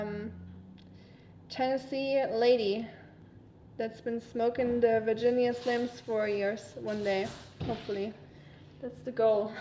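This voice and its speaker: A woman's voice: a little high, darkish tone, slight background noise. Chatty woman with a German accent. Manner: chatty, rambling, filler-heavy, laughs often. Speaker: livestreamer reading chat. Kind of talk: casual livestream chat.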